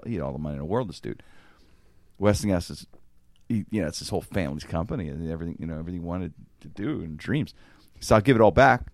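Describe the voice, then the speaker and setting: A man's voice: low voice, creaky, darkish tone, no room sound. A man hosting a podcast, telling a long story in casual, profane chat and acting out the quotes. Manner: rambling, profane, acts out quotes. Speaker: podcast host.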